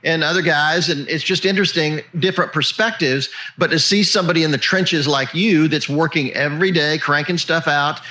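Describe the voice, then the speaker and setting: A man's voice: a little high, fairly quick, hardly any pauses, sharp tone. A man hosting a podcast, thanking his guest and then promoting his book in an upbeat way. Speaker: podcast host. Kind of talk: interview wrap-up and book promo.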